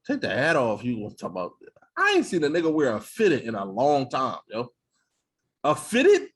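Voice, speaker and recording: A man's voice: medium pitch, huge pitch swings, normal speed, husky. A man co-hosting a podcast in loose, joking, profane banter. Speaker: podcast co-host. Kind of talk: casual chat.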